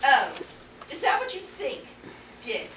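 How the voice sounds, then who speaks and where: A woman's voice: high voice, sing-song, slow pace, sharp tone, full character voice. A woman acting a sarcastic, vain stage actress in a comedy, recorded far off in an echoey hall. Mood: catty. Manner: sarcastic and mocking. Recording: echoey stage from a distant mic, faint hiss.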